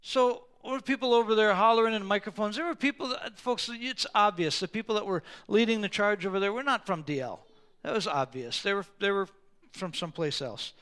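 A man preaching a sermon, telling a story with animated delivery and sometimes raising his voice to a roar for emphasis. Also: high-pitched, a little fast, clear, resonant tone. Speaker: pastor.

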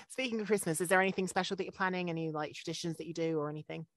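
A woman hosting a casual interview, asking quick questions and laughing along. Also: lowish voice, steady tone, dry recording. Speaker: podcast host.

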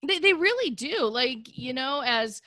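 Bright-voiced woman hosting a podcast. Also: high voice, big pitch swings, a little slow, no echo. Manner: chatty, upbeat, laughs often. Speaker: podcast host. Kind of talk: casual podcast chat.

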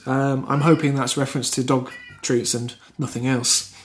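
A man's voice: medium pitch, steady tone, moderate pace, a little hiss or hum. A man co-hosting a comedy podcast, reading out news stories and comments in a giggly, easygoing way.

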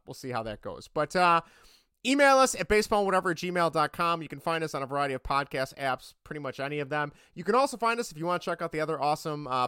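A young man hosting a casual sports podcast, chatty and rambling, quick to laugh. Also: on the high side, sharp tone, smooth, no echo, clean studio sound. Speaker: podcast host.

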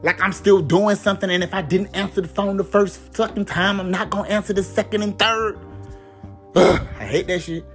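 A vlogger with a high-sitting voice and fairly even intonation delivers a comedic rant to camera at a fairly quick pace. He is profane, exasperated and mock-outraged, repeating a catchphrase between bits, with faint music in the background.

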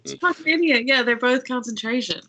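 A woman's voice: high-pitched, a little fast, sharp tone, muffled recording, soft background music. A woman playing in a tabletop game, chatting casually and leaning on fillers like "like". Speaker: player.

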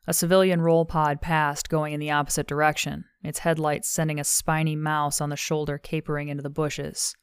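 A woman narrating an audiobook in measured, even storytelling, recorded on a close studio mic. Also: low-pitched, clear, resonant tone, no room sound.

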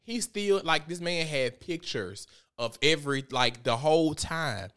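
A man giving casual commentary on a vlog, animated and profane as he tells a story. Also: on the high side, measured pace, clear, resonant tone. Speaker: vlogger.

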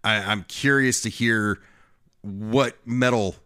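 A man's voice: on the low side, slow pace, clean tone. A young man co-hosting a podcast, talking casually and restarting his words often. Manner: stammering restarts, lively. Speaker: podcast co-host. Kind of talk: casual chat.

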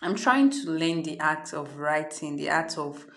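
A woman's voice: low-pitched, animated, unhurried. A Nigerian woman hosting her own podcast, talking in a chatty, freewheeling, unedited monologue from her parents' home. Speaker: podcast host.

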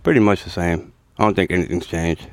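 A man's voice: sits low, fairly quick, smooth, dry recording. A man with a New York accent, a guest on a podcast, giving brief, easygoing answers. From the Bronx, New York. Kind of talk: casual chat.

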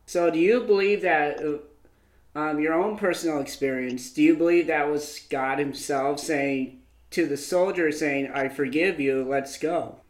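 A man's voice: on the high side, unhurried. Encouraging male paranormal show host. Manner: encouraging, hesitant with "uh" fillers. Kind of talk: interview questions.

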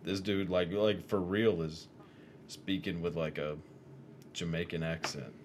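Deep-voiced man in casual chat. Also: fairly even intonation, unhurried. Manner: laid-back, swearing, joking. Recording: clear background noise.

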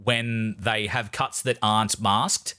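A man's voice: lowish voice, fairly even intonation, slow, bright, forceful tone. A man in a casual film discussion, thoughtful, often repeating words as he searches for the point.

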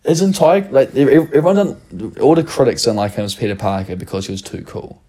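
A man's voice: medium pitch, animated, a little fast, mellow, slightly rough. A young man with a New Zealand accent, chatting casually as a podcast co-host, laid-back and swearing freely while slipping into mock voices. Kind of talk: casual chat.

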